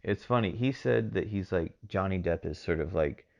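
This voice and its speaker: A Texas man hosts a solo podcast, rambling casually at a moderate pace in a very low, gravelly voice with heavy vocal fry. He hedges constantly with fillers. The recording is a little muffled and dull.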